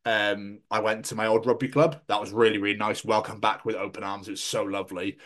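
Male podcast host; casual, profane, lively anecdotes. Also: on the low side, brisk. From Scotland. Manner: sweary, animated storytelling.

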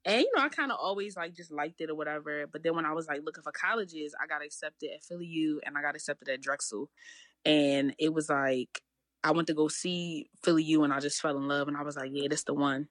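A woman's voice: sits low, brisk, fairly bright tone, dry recording, studio quality. A woman in her thirties from Baltimore County with a Baltimore accent, talking casually as a guest and laughing often. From Baltimore County, USA. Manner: chatty, laughing, lots of "like". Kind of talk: casual chat.

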